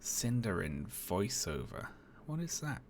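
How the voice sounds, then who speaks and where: A male streamer with a lowish voice that swings widely in pitch, chatting casually and chuckling as he reads text off the screen. He adds dry little remarks between lines, over a faint hum of background noise. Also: sing-song, takes it slowly. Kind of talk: casual live-stream chat.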